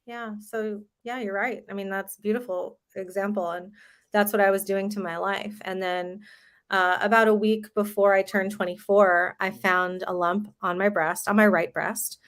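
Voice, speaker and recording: A woman's voice: mid-range voice, fairly even intonation, moderate pace, a bit bright. Woman, 30s, frank interview guest who talks openly about her own life. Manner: candid storytelling, swears casually. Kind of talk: casual podcast interview.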